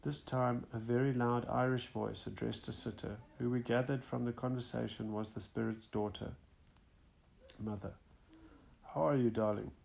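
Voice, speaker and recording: A man reads a first-person account aloud in a steady, measured way. His voice has a gravelly, creaky texture at a middle pitch. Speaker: audiobook narrator. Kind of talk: first-person nonfiction audiobook reading.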